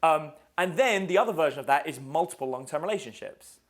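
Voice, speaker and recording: A man's voice: a little high, lively intonation, a little fast, slight background noise. A man teaching a live dating seminar in a casual, swearing style, quizzing his audience. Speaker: dating coach.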